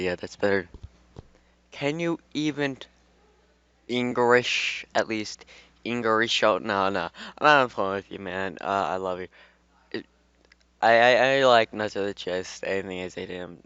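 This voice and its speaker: A man's voice: on the low side, a bit bright, smooth, dry recording. A man reading fan fiction aloud in a casual way, breaking off into rambling, swearing asides. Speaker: fan fiction reader and YouTuber. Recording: dull, dry home recording.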